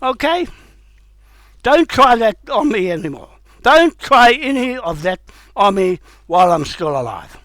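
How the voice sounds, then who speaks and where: A man delivering a heated, confrontational rant, swearing and breaking into shouts. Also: extremely high pitch, sing-song, a little slow, dry recording, low-quality recording. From New Zealand. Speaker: vlogger. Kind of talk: angry ranting monologue.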